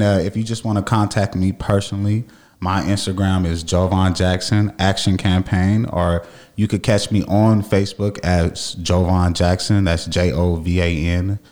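A man who runs a family services agency, a guest in a casual interview, relaxed with many fillers. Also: sits low.

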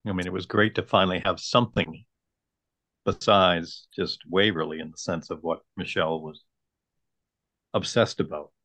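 A man's voice: deep voice, steady tone, normal speed, long pauses, fairly bright tone, dry recording. A man co-hosting a podcast, chatting casually about a TV episode with short, agreeing replies and chuckles. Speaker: podcast co-host. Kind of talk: casual chat.

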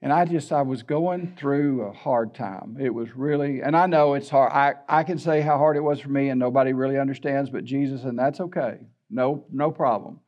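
A man's voice: medium pitch, moderate pace, few pauses, dull audio. An older man, a pastor preaching a sermon in a folksy, candid storytelling way.

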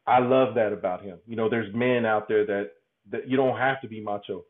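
A man giving a candid interview, talking haltingly, repeating words and laughing often. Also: lowish voice, steady tone. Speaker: podcast guest. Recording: tinny phone-like line.

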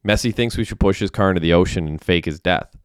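A man's voice: sits low, fast talker, smooth, no room sound, clean studio sound, lightly acted. A man reading aloud and voicing a blunt young man who talks in a curt, profane way.

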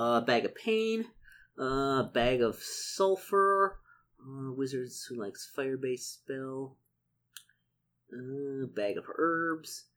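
A man playing a solo tabletop adventure, reading out the rules and shop lists and doing his sums aloud, easily excited. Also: medium pitch, takes it slowly. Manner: excitable, muttering calculations. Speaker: solo tabletop game player. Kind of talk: casual narration of a solo gamebook.

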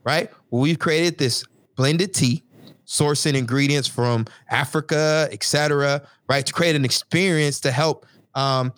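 A man hosting a podcast, talking business in an animated, slangy way, often saying "yo" and "et cetera". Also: a little high, no echo. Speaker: podcast host and business coach. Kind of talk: energetic casual interview.

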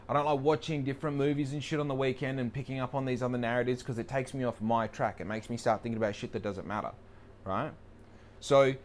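A man in early adulthood rambles through a casual monologue, swearing freely and joking at his own expense. His voice sits at an ordinary middle pitch. He circles back over his points in a loose, self-deprecating way. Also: a little hiss or hum.

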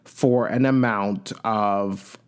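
A man hosting a podcast, chatting in an animated way about celebrity gossip and reading news aloud with his own asides. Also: lowish voice, drawn-out words, clear, resonant tone. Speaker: podcast host. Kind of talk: casual celebrity gossip commentary.

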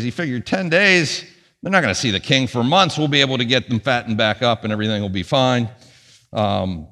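A man preaching a sermon as pastor, with punchy emphasis that drops to quiet asides. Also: mid-range voice, long reverb tail. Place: church sanctuary.

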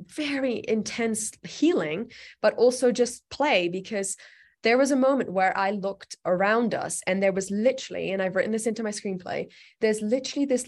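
A woman telling a personal story as an interview guest, earnest and chatty, with many "like" and "you know" fillers. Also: medium pitch.

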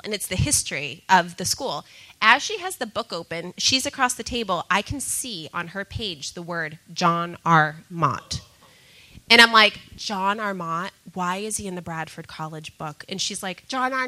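A woman sharing a personal testimony with a group, talking in an animated way and often breaking into laughter. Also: mid-range voice, low-quality recording. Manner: laughs often, excitable, repeats herself.

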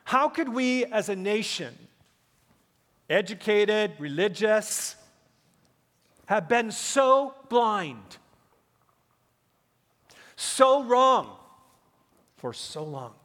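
Pastor, man, fifties, high-pitched, emphatic preaching with rhetorical questions, long church reverb. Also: sing-song, drawn-out words, pauses often, a bit bright. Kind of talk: sermon. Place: large church sanctuary.

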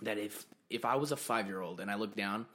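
A man's voice: fairly low pitch, brisk, sharp tone. A young man hosting a podcast, talking in a brash, profane rant and calling his guest dude and bro. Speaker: podcast host. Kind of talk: casual podcast chat.

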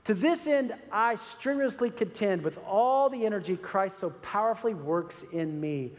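A man's voice: sits high, animated, moderate pace. A man preaching a sermon as pastor, earnest and urging, repeating phrases for emphasis. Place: church sanctuary. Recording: long reverb of a large hall.

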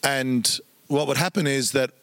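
A man's voice: medium pitch, fairly even intonation, measured pace, fairly bright tone, no echo. A man, a pastor, earnestly telling stories in a conversation and acting out what people said to him. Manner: earnest, acts out quoted speech. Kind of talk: storytelling in conversation.

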